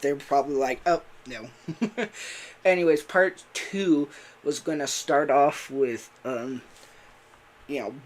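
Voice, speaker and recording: With a mid-range voice and a little hiss or hum in the background, a male voice actor and streamer rambles casually on a livestream, dropping in plenty of fillers and laughs.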